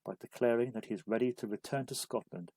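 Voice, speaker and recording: A man giving a measured, scripted narration of a literature study guide. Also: mid-range voice, dark tone, dry recording, low-quality recording. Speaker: literature explainer.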